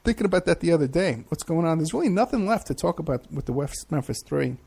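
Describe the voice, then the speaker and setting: A man's voice: a little high, lively intonation, fast, vocal fry, mellow, husky. A middle-aged man hosting a talk show, rambling casually through viewer questions with many hesitations. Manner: rambling, chatty, frequent hesitations. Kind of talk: casual livestream chat.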